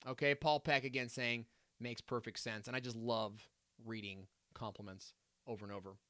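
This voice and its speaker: A man with a bright, clear voice hosts a live Q&A stream, reading viewer comments aloud. He talks in an upbeat, chatty way, full of fillers and playful asides. The sound is dry and close. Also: medium pitch, steady tone, moderate pace, no echo.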